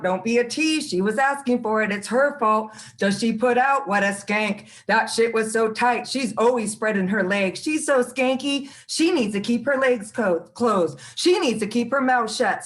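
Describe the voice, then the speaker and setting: A woman performing her spoken word poem at an open mic, in a rhythmic delivery of short phrases. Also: on the high side.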